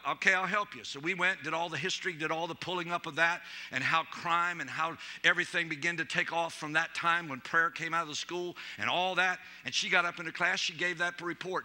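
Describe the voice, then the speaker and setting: A man's voice: fairly high pitch, bright, forceful tone. A middle-aged man, a pastor, preaching a sermon and telling humorous stories with acted-out quotes. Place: church.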